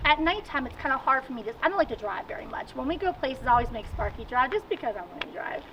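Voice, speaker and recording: A woman with a Virginian accent, a guest in a casual outdoor interview, telling stories in an animated, chatty way. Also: high voice, fast. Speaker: guest, amateur racer. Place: outdoors at a car show. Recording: distant mic, dull sound, faint noise.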